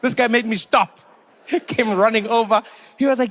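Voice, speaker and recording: A man from Africa, telling stories on stage in a chatty, animated stand-up comedy style, on a handheld mic. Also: extremely high pitch, normal speed. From South Africa. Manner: chatty, animated, acts out characters. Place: stage at a live show.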